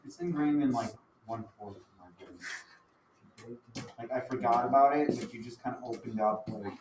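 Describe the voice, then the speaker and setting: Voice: medium pitch, normal speed. A student answering the teacher with casual, joking replies. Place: classroom. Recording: distant, roomy, noisy classroom capture.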